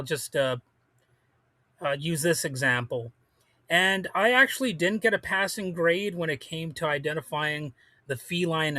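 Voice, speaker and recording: A man's voice: a little high, sharp tone, dry recording. A man hosting a solo podcast, rambling casually with lots of fillers and restarts, blunt and prone to swearing. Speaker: podcast host.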